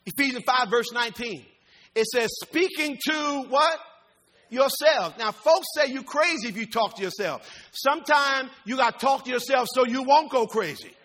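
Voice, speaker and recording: A man pastor preaching a sermon, folksy and informal, swinging from loud rising shouts to low quiet talk. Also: expressive, normal speed.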